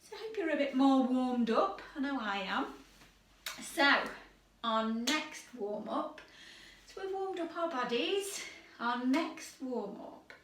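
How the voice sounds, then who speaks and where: A woman leading a drama warm-up video, chatty and lively, calling out game commands with energy. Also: high voice, slow, distant mic, slight background noise. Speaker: drama workshop leader. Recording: echoey room, voice away from mic.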